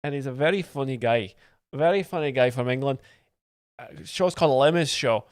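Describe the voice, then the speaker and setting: Male live streamer, deadpan fake expert, sweary, mid pitch, dry mic. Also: moderate pace, no echo. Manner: deadpan mock-expert, sweary, absurd claims. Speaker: host, streamer. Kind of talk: live-stream reaction commentary.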